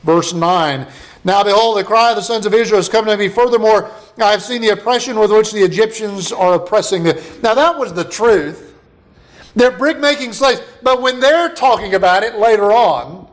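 A man's voice: sits high, lively intonation, normal speed. A pastor preaching a conversational sermon and reading scripture passages aloud to his congregation.

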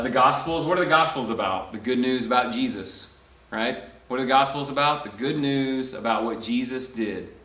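A middle-aged man preaching a sermon, animated, dropping to a hush and rising loud as he acts out imagined voices. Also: medium pitch, reverberant, low-quality recording. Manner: animated, swings from hushed to loud when voicing imagined speakers.

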